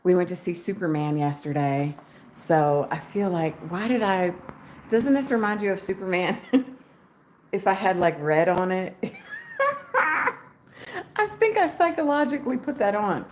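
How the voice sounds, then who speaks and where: A woman's voice: medium pitch, expressive, unhurried, pauses often, slight background noise. A woman vlogger chatting casually to camera at home in the morning, rambling and often laughing. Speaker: travel vlogger.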